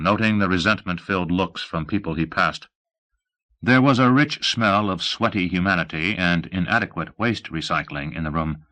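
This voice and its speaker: A man narrating an audiobook of a science-fiction novel, shifting his voice for the characters; an old cassette recording. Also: bright, forceful tone. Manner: changes pitch for characters. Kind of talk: reading a novel aloud.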